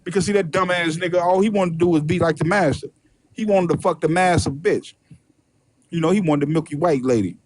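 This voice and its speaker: A man's voice: a little high, brisk, darkish tone, no echo. A man hosting a show, delivering a heated, profane rant full of repetition. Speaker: host. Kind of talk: profane ranting commentary.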